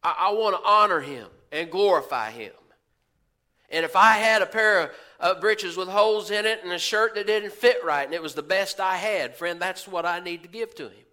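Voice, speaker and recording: Country-style preacher guy, high bright voice, keeps asking the crowd "huh?" and "amen?". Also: normal speed. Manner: folksy, preaching with rhetorical questions and asides; acts out quoted voices of churchgoers. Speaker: pastor. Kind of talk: sermon.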